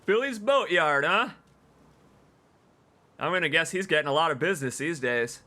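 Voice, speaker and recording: A man streaming a video game, commenting excitedly and emotionally, gushing and laughing often. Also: on the high side, normal speed. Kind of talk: let's play commentary.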